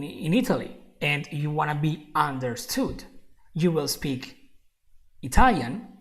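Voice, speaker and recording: Lady teaching english on a live stream, talks slow, repeats stuff, laughs a lot, says my friend. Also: deep voice. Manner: repeats key phrases, chuckles often, calls the viewer "my friend". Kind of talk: live online English lesson.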